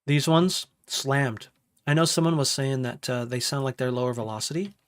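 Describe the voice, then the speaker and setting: A man's voice: mid-range voice, normal speed. A man explaining his music session in a casual live-stream walkthrough, greeting chat and humming parts aloud in a home studio. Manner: talks while working, hums riffs aloud, greets chat.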